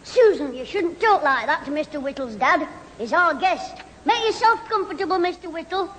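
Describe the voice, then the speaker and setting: A man's voice: extremely high pitch, expressive, moderate pace, exaggerated voice. A man playing a cocky, wisecracking young schoolboy in a 1970s radio comedy. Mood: cheeky. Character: cheeky mischievous young schoolboy. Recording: old radio recording, loud hiss, hall reverb.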